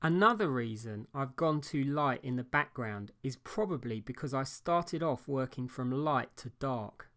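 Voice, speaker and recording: A man giving a calm, measured voice-over for a painting tutorial, explaining each step as he works. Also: medium pitch. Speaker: painting instructor.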